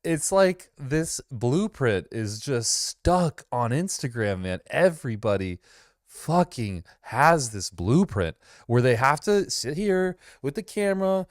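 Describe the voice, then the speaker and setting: A man's voice: medium pitch, very animated, slow, no echo, studio quality. A man hosting a casual reaction commentary, sarcastic and loose, often laughing and swearing. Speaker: host reacting to videos.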